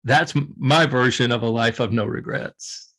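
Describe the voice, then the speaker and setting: A man's voice: mid-range voice, moderate pace, a bit bright. An older man being interviewed as an author, speaking earnestly and emotionally, often laughing through his stories. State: tearful. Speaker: guest author. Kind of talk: emotional reflective interview talk.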